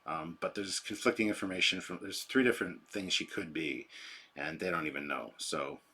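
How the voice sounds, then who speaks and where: A man's voice: low voice, normal speed, sharp tone, breathy edge. A man hosting a casual livestream, rambling and chatty as he reads and answers chat on a sensitive microphone. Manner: rambling, chatty, self-deprecating. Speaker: livestream host. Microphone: sensitive desk microphone.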